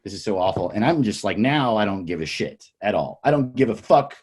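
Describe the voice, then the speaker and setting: A young man tells a long, rambling story, full of swearing, and he acts out every person in it. His pitch leaps up and down, from low mutters to high yelps. It sounds like casual podcast talk. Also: a little fast, husky. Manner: animated storyteller, acts out quoted people, swears a lot. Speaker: comedian guest.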